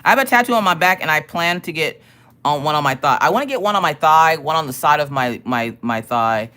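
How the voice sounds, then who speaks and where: A woman hosting a relaxed live stream, talking to her viewers. Her voice sits low but rises and falls a lot as she tells cursing, animated stories between bursts of laughter. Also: brisk. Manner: animated, profane storytelling with frequent laughter. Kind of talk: casual live-stream chat.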